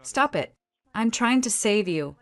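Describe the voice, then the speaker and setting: A frantic, unhinged older mother-in-law, as a woman reads her out shrieks in sharp high bursts, her voice wailing and erratic. She speaks well above a plain speaking voice in a dramatic audio story. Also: animated, a little slow, natural voice. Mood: shrieking. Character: hysterical older mother-in-law wielding a knife.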